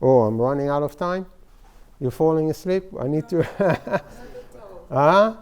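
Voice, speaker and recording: A man giving an informal workshop lecture on therapy, in halting, full of "you know" and restarts. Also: on the high side, darkish tone. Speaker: psychotherapy lecturer. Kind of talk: workshop lecture with case stories.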